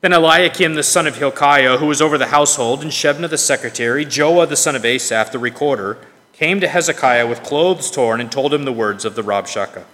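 A man reading scripture aloud in a measured, emphatic way, now and then correcting himself. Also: medium pitch, a bit bright. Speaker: scripture reader. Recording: long reverb of a large hall.

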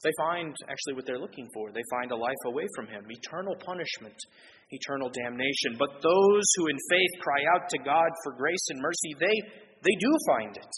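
A man preaching a sermon as pastor, emphatic, swinging between raised stressed phrases and low quiet endings. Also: animated, a little fast, long reverb tail, a little hiss or hum, poor audio.

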